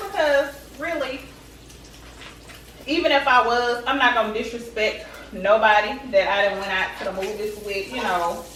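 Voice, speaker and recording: A woman vlogger telling a story straight to her viewers in a chatty, animated way. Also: fairly high pitch, moderate pace, recorded from a distance, slight background noise. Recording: echoey room, away from the mic.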